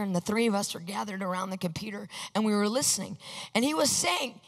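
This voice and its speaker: A woman with a slightly high voice preaches a testimony sermon, animated and storytelling. She acts out each exchange of dialogue and breaks into excited shouts. Her voice rings with a long reverb in a large hall. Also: fast, creaky.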